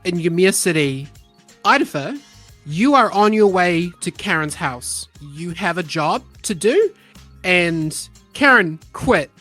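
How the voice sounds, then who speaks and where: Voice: mid-range voice, expressive, slow, fairly bright tone, soft background music. A game master narrating a tabletop game in a casual way, with filler words.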